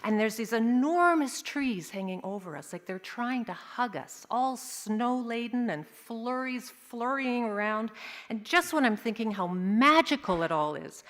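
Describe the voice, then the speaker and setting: A woman sharing a vivid personal story at a service, telling it expressively with dramatic pauses. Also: on the high side, lively intonation, a bit bright. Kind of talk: storytelling to a congregation. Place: large worship hall. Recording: long hall reverb.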